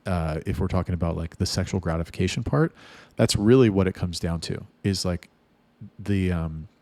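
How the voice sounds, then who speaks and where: A man's voice: deep voice, moderate pace, warm tone, no echo. A man coaching his sales staff in a casual monologue, blunt and profane, rambling with restarts. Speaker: sales trainer for chat staff.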